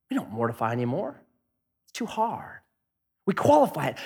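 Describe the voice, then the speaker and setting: A middle-aged man preaching a sermon, telling stories and swinging between punchy lines and hushed asides. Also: high voice, huge pitch swings, a little fast, long pauses, breathy edge. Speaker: pastor. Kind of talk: sermon with storytelling.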